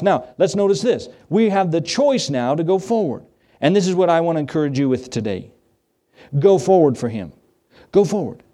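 This man's fairly high voice carries a pastor's sermon. He speaks emphatically, circles back to key phrases, asks rhetorical questions, and alternates raised sections with soft asides.

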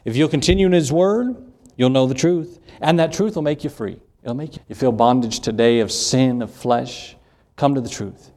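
A man's voice: mid-range voice, normal speed, darkish tone. Earnest man preaching an evening sermon. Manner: earnest, repetitive preaching with Scripture quotes and folksy asides. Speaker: pastor.

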